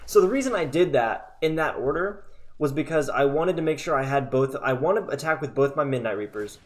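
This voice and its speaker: A man's voice: a little high, expressive, a little fast. A man casually commentating his own card game match, chatty and sarcastic, thinking aloud as he plays. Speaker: gaming content creator.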